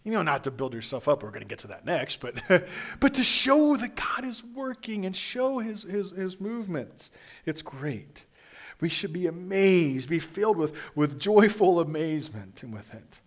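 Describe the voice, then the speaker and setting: A man from Kansas preaching a sermon in a conversational, animated way, often restarting and repeating words. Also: sits high, moderate pace. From Kansas, USA. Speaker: pastor.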